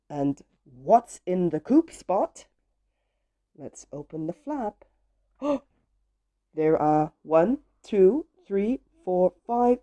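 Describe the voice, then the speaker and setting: A woman's voice: fairly low pitch, mellow. A woman reading children's picture books aloud, gasping at each page and talking to young listeners. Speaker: storybook reader.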